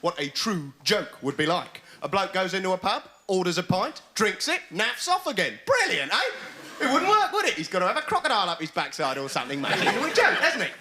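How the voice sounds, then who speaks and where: A man's voice: high-pitched, very animated, brisk, bright, forceful tone, a little hiss or hum. A man doing a stand-up routine, ranting sarcastically and mocking people in put-on voices, with laughter from a studio audience. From England. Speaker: stand-up comedian. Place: TV studio stage with live audience.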